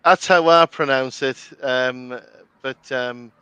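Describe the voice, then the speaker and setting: A middle-aged man from the North East of England speaks with a Geordie accent in a relaxed podcast chat. His voice is smooth and resonant, and the mic sits close in a dry space. He fills pauses with ums and restarts and often breaks into laughter. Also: medium pitch, dry recording. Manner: chatty, laughs often, many fillers and restarts. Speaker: commentary podcast host. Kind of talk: casual chat.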